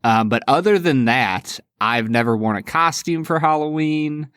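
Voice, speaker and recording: A man in his thirties co-hosting a podcast, laid-back and quick to laugh. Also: a little high, a bit bright, clear, resonant tone, dry recording, studio quality. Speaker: podcast co-host. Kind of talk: casual chat.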